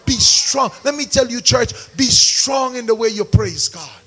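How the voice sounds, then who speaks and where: A man preaching a sermon, calling out to the congregation and rising into shouts. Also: very high-pitched, lively intonation, unhurried, husky, rough recording. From Caribbean. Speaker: pastor.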